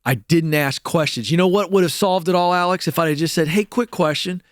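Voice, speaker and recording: A man telling a personal story to an audience in a lively way, acting out the voices of others and often repeating words. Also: on the high side, fast, no echo, studio quality. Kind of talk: animated storytelling talk.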